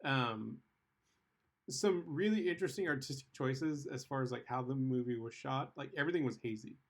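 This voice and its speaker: A man's voice: medium pitch, moderate pace. A man co-hosting a podcast in casual chat, joking and rambling with lots of filler words. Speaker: podcast co-host.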